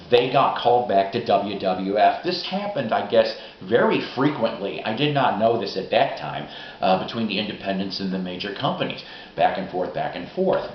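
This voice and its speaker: A middle-aged man telling rambling, profane, excitable stories in a casual vlog monologue. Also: fairly low pitch, a little hiss or hum. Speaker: vlogger. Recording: roomy, dull lo-fi recording.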